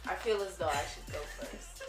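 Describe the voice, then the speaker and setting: A teenage girl vlogger chats casually and playfully, telling stories in a teasing, giggly way. Her voice is lowish and her pace normal, and she sits far from the mic in a roomy-sounding space with faint music.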